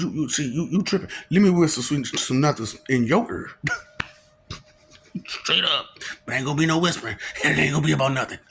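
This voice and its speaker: A man's voice: fairly high pitch, gravelly, slight background noise. A man rambling through a comic monologue, teasing with rhetorical questions, repeating phrases and laughing between lines. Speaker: vlogger.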